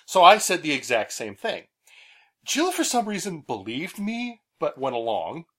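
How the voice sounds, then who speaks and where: A man's voice: fairly high pitch, measured pace. Guy hosting a podcast, chatty, lots of uhs, voice bouncing up and down. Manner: animated storyteller, many "uh" fillers. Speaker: podcast host. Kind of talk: casual chat.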